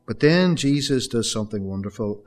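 A man's voice: mid-range voice, animated, normal speed. A man preaching a sermon, earnest and building to emphatic raised peaks, often addressing his congregation as folks.

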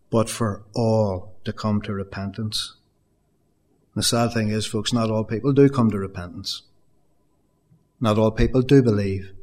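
Earnest man preaching a sermon. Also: lowish voice. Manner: earnest, repetitive preaching with rising emphasis. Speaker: pastor.

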